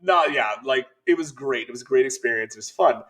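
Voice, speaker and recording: A middle-aged man co-hosting a podcast, telling an animated, laughing story in casual chat. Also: medium pitch, a little fast. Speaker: podcast co-host.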